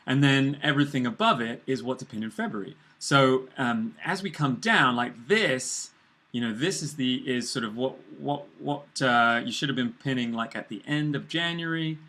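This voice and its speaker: A man's voice: mid-range voice, a bit bright. A British man co-hosting a live marketing video, joking around and rambling with lots of fillers. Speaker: co-host.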